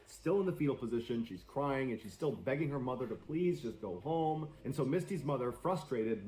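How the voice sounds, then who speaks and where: Man telling scary stories, lively pitch. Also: roomy sound, poor audio. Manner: dramatic, suspenseful delivery. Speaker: streamer. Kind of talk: storytelling on a live stream.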